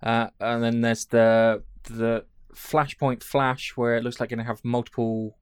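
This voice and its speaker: A man's voice: medium pitch, level tone, unhurried, smooth, dry recording. A man hosting a podcast, chatting casually in a jokey, rambling way and swearing now and then. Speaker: podcast host. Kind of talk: casual chat.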